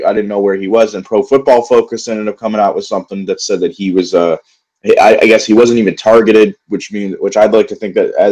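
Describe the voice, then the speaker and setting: A man's voice: lowish voice, a little mellow, rough recording. A young man in a solo football recap vlog, frustrated and profane, rambling with many fillers and restarts. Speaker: sports vlogger. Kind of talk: angry solo football rant.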